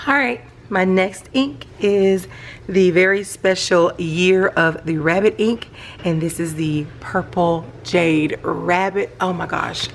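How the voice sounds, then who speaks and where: A middle-aged woman, chatting casually about her hobby at home at night and gushing with excitement. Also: lowish voice, measured pace, creaky, slight background noise. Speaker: planner vlogger. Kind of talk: casual show-and-tell vlog.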